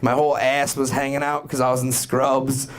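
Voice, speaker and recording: A young man from Florida doing a rambling, profane stand-up set, building to loud punchlines. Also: mid-range voice, level tone, moderate pace. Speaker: stand-up comedian. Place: comedy club with live audience. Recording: crowd noise from live club. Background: crowd laughing.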